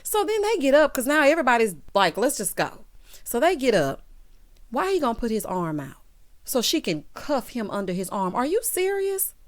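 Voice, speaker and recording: A woman's voice: on the high side, big pitch swings, a little fast. A woman recapping a reality show, talking with sass straight to its cast and acting out their lines. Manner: sassy, talks straight to the people on the show; acts out each person's quoted lines. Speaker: recap vlogger.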